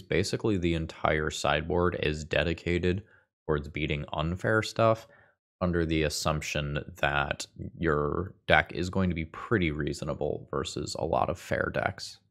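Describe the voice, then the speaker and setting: A man's voice: very deep voice, moderate pace, fairly bright tone. A young man with a congested voice giving casual commentary on a card game as he plays, thinking aloud with dry quips. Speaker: Magic gameplay video host.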